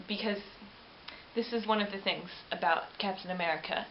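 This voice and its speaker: A woman vlogger chatting casually about a film she reviews, animated and rambling, often correcting herself mid-sentence. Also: mid-range voice, a little fast. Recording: roomy, dull lo-fi webcam audio with faint hiss.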